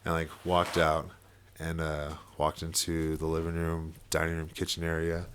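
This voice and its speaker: A man's voice: rumbling low, completely flat delivery, moderate pace, background noise. A young man telling a personal story in casual podcast chat, full of fillers and swearing and with bursts of laughter. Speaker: podcast guest.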